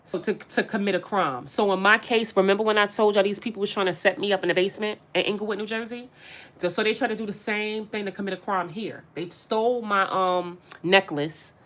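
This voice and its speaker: A woman's voice: mid-range voice, steady tone, brisk, fairly bright tone. A woman giving a casual spiritual tarot reading straight to her viewers, emphatic and repeating her phrases as she addresses them directly. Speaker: tarot reader.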